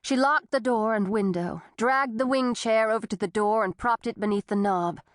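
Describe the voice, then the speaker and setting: A woman narrating an audiobook thriller in a steady, even storytelling manner. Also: on the high side, normal speed, dry recording. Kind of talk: scripted narration.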